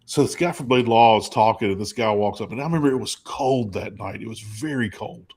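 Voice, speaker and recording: A man, co-hosting and telling a rambling, animated story in casual chat. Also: brisk. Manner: rambling, animated storyteller with high put-on quoted voices. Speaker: co-host.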